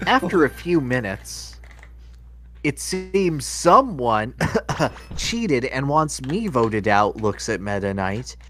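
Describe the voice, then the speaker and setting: A man reads a silly fan fiction aloud in a slow, drawn-out way, his pitch swinging widely as he hams it up. He keeps jumping into character voices, and clear music plays beneath him. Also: big pitch swings. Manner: playful, breaks into character voices. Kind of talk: comedic reading aloud.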